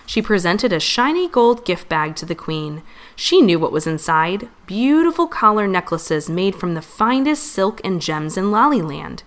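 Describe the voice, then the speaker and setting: A woman reading a children's storybook aloud, gentle and expressive. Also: mid-range voice, moderate pace. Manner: gentle, expressive, lively voice changes for characters. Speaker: storybook reader.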